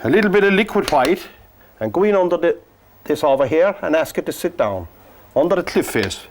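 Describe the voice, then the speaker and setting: A man from Cork with an Irish accent, teaching a painting lesson in a gentle, joking, soft-spoken way. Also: fairly high pitch, expressive, a little fast, a little hiss or hum. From Ireland. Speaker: painting instructor. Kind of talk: painting lesson with chatty asides.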